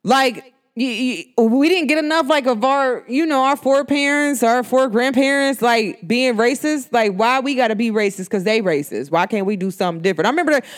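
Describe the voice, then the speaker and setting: A woman with a New York–New Jersey accent hosts a podcast, delivering a brisk, slangy monologue. She's casual and emphatic, her pitch swinging widely.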